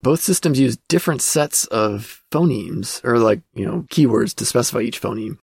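A man with a gravelly, creaky voice of middle pitch talks his way through an old magazine for his podcast. He speaks casually and thinks aloud, dropping fillers as he goes. The sound is close and dry, with no room echo. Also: animated, moderate pace. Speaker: podcast host.

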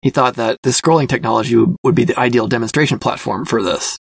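A man hosting a casual talk show, thinking aloud with many fillers and careful hedges, a self-described quiet person. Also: mid-range voice, quick pace, gravelly, no room sound. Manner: thoughtful, hedging, self-reflective with many fillers. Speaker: podcast host reviewing a magazine. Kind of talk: casual spoken commentary.

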